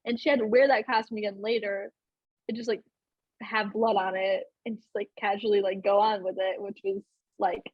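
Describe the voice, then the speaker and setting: A woman's voice: medium pitch, level tone, normal speed, no echo, highs cut off. A young woman hosting a podcast in casual chat, talking chattily with many fillers and laughs. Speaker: podcast host.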